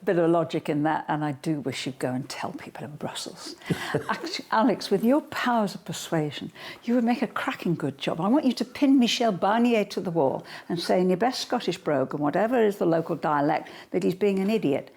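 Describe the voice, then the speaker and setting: A woman's voice: medium pitch, lively intonation, a little fast, few pauses, a little mellow. An older woman being interviewed at home, talking in a forthright, blunt, straight-talking manner. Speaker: guest. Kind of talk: political interview.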